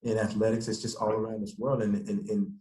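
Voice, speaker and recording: A man's voice: lowish voice, fast talker. Man telling stories in an echoey room. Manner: animated storyteller acting out quotes. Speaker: guest, former pro football player. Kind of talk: interview storytelling.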